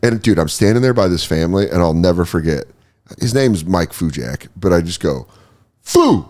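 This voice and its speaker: A man's voice: low voice, fairly quick. A man in casual podcast chat, telling a story with lots of acted-out reactions and casual swearing. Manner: animated storyteller acting out his own reactions; swears freely.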